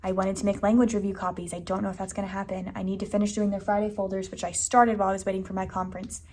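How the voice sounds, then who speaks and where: Speaking at a racing clip, this young elementary school teacher chats in a rambling vlogger style about her everyday life, leaning on "like" and "anyways." Her voice is medium-pitched and darkish, with a lilt but little pitch movement.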